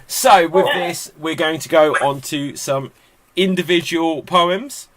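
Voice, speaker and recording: A man hosting an online improv comedy show and making up rhyming poems with quick, laughing asides over a video call. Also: a little high, noisy background.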